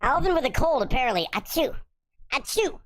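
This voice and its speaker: A man talking through a high-pitched chipmunk voice filter, joking and grumbling that it won't work right. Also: big pitch swings, moderate pace. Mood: squeaky, annoyed. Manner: frustrated, joking about the glitch. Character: his own chatter turned into a squeaky chipmunk voice.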